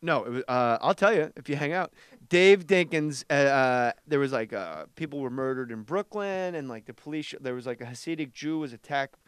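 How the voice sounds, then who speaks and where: A man, a comedian, telling rapid animated anecdotes and acting out other people's lines in a radio studio. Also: mid-range voice, smooth, no echo. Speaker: comedian guest. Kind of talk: animated storytelling with impressions.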